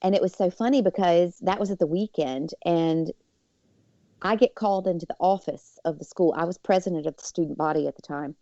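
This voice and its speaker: A woman, a podcast guest, telling a personal story with many fillers and lively quoted voices. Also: on the low side, brisk, no room sound, muffled recording.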